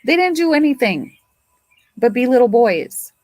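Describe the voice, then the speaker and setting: A woman's voice: a little high, big pitch swings, moderate pace, a little mellow, dry recording, rough recording. A grandmother hosting a casual livestream, talking emotionally and chattily to her viewers. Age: older. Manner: emotional, chatty, swears and apologizes. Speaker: livestream host.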